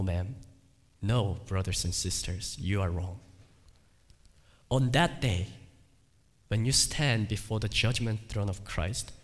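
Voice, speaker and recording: A male pastor preaching a sermon, emphatic, repeating his phrases and swinging between loud cries and quiet asides. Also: medium pitch. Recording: long hall reverb.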